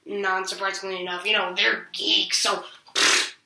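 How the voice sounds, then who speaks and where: A woman's voice: medium pitch, little pitch movement, normal speed, gravelly, bright, forceful tone. A woman recapping a TV episode in casual, slangy chat with sarcastic asides. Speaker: TV episode reviewer. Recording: roomy echo, distant from the mic.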